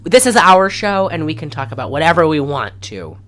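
A woman's voice: deep voice, big pitch swings, brisk, a bit bright. A woman hosting a podcast, recapping a film in casual chat and rambling with many fillers. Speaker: podcast host.

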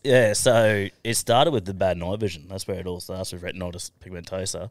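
Fast-talking crude man, low voice. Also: no echo, clean studio sound. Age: adult with children. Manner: crude, swears freely, lively anecdotes. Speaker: podcast guest. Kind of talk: casual storytelling chat.

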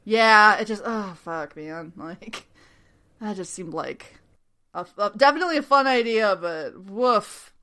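A woman's voice: medium pitch, animated, unhurried, pushed and bright. A woman co-hosting a podcast in casual chat, rambling, swearing and laughing often. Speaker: podcast co-host.

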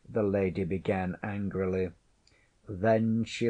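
A male narrator reads a classic tale in a measured, even storytelling manner. His voice sits fairly low with a dark, mellow tone. He takes his time over every phrase. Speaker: audiobook narrator. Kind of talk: scripted narration.

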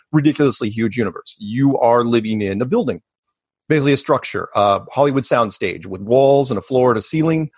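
A man being interviewed as a guest, talking casually in a rambling, animated way with many restarts and asides. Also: medium pitch, no echo, studio quality. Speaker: podcast guest.

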